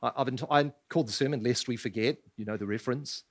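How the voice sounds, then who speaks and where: A man's voice: medium pitch, fast talker. A man preaching a sermon as pastor, asking rhetorical questions and pressing his points with emphasis. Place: church.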